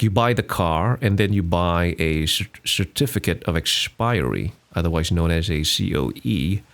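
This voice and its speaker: On his casual solo podcast, a Singaporean man in his twenties rambles along, full of fillers and restarts, laughing often. His voice is low with vocal fry.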